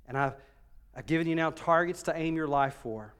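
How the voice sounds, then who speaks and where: A man delivers a sermon. He swings from loud, emphatic lines down to soft, intimate ones as he preaches to his church. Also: fairly high pitch, brisk, smooth. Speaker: pastor.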